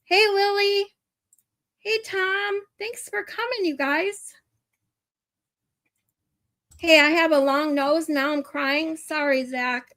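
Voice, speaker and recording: A woman's voice: very high-pitched, steady tone, slow pace, pauses often, bright, forceful tone, dry recording, studio quality. A woman hosting a livestream, chatting casually, laughing often and swearing freely. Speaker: livestream host. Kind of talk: casual chat, profane.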